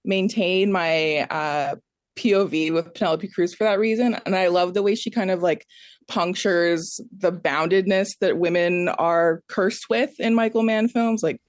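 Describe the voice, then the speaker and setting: A woman's voice: on the low side, measured pace, dry recording, clean studio sound. A woman film critic in a casual panel chat, emphatic and sardonic, often breaking into laughs. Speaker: culture critic.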